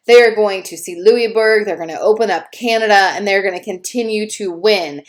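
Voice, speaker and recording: A woman's voice: medium pitch, normal speed, hardly any pauses. Chatty woman lecturing on history. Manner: conversational, with fillers and acted asides. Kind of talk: casual recorded lecture.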